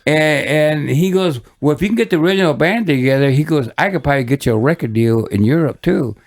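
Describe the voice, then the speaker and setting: An older man from Michigan tells his stories as a guest on a podcast. He wanders, restarts his sentences and chuckles along the way. His voice sits a little high and has a gravelly, fried edge. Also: lively intonation, quick pace. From Michigan, USA. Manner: rambling anecdotes with many restarts and chuckles. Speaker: guest musician. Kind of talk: casual storytelling interview.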